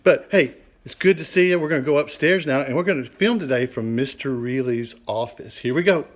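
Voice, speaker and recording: A man's voice: medium pitch, brisk. Older male teacher; upbeat, jokey kid-friendly delivery, recorded in a home office on a handheld camera. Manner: cheerful, corny jokes, speaks to kids. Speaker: children's Bible class teacher. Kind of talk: children's show talk.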